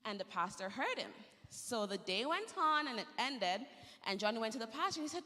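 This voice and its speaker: A woman telling a story to children during a church service, gentle and lively, in a church sanctuary. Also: fairly high pitch, brisk, big-room sound.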